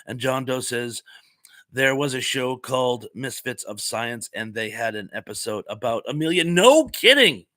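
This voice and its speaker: A man's voice: mid-range voice, lively intonation, normal speed, bright, forceful tone. A man hosting a live stream, casually chatting and reading viewer comments aloud, rambling with fillers and laughter.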